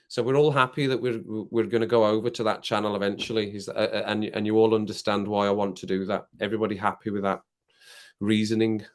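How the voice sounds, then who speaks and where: Hosting a casual late-night stream, a British man sips rum while chatting loosely with viewers and reading their comments aloud. His fairly low voice is brisk and flat, and he rambles, laughs often, and coughs occasionally.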